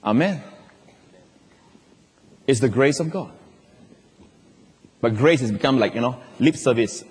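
A man's voice: mid-range voice, lively intonation, a little slow, darkish tone, slightly rough. Man preaching in a big echoing hall. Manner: emphatic preaching with call-and-response questions. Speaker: pastor. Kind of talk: sermon. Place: large church. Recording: long hall reverb.

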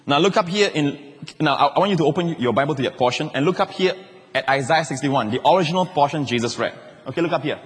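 Lively pastor preaching in a hall. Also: male voice, a little high, fast. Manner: lively, jokey preaching with sudden shouted quotes. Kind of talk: sermon.

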